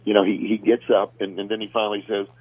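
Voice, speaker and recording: Brief: low, husky-voiced man, faith radio co-host, thinks aloud with repeats, tinny phone line. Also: flat delivery, fast, dry recording. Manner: conversational, repeats words when thinking aloud.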